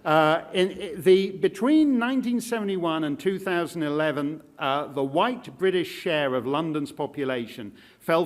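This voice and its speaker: A man's voice: on the high side, moderate pace, hardly any pauses. A man giving a keynote speech in an auditorium, with a sardonic, jokey delivery. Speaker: keynote speaker. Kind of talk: public speech.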